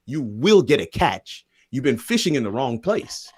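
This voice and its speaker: A man's voice: medium pitch, big pitch swings, moderate pace, crowd noise. A man on a video call at a live-streamed panel, building a sermon-like point with repeated phrases and a jokey, self-deprecating touch. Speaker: panel guest sharing a faith message.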